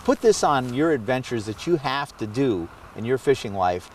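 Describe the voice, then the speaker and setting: A man's voice: mid-range voice, animated, moderate pace, far from the mic, a little hiss or hum. A man hosting a fishing show, chatting enthusiastically on a river boat and rambling with many restarts. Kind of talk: casual on-the-water chat.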